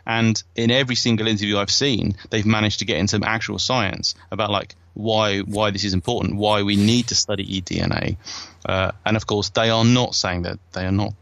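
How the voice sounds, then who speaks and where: Male podcast host, lowish pitch, digressive self-mocking chat, muffled dry recording. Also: steady tone, fairly quick, vocal fry, fairly bright tone, no echo. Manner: chatty, digressive, self-mocking with frequent laughs. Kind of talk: casual chat.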